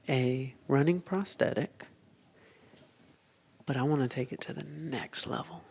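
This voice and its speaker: A man, a podcast guest telling a story with animated quotes and whispered asides. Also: on the high side, creaky.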